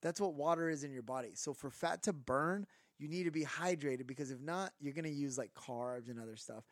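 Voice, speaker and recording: A man co-hosting a casual podcast, rambling through an animated rant full of fillers. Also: on the high side, a little fast, no echo, clean studio sound. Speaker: podcast co-host.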